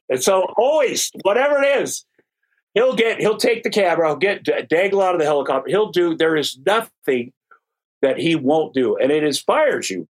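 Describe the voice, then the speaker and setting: A man in an interview telling a film-set story in a blunt, profane, excited way. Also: fairly high pitch, normal speed. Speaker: film collaborator. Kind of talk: interview recollection.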